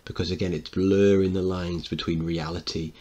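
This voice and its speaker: Male teacher, low husky voice, quiet analytical asides. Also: flat delivery, moderate pace, dull audio. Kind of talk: dramatic reading with analysis.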